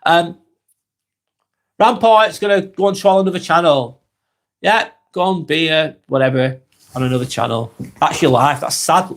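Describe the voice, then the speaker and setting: Blunt English man reading live chat, slightly high. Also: moderate pace, long pauses. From England. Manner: blunt, dismissive of trolls, repeats himself with ums. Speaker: live-stream host.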